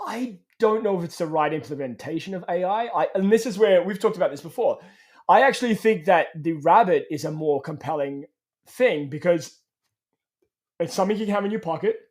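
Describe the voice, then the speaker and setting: A man's voice: high-pitched, expressive, fairly quick, a little mellow. A man hosting a tech podcast, chatting casually and agreeing often. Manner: agreeable, lots of "yeah". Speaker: podcast host.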